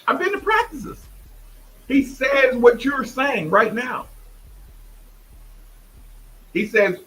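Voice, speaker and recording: A man hosting a sports talk show, emphatic and animated, often imitating others. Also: extremely high pitch, slow, long pauses, low-quality recording. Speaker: host.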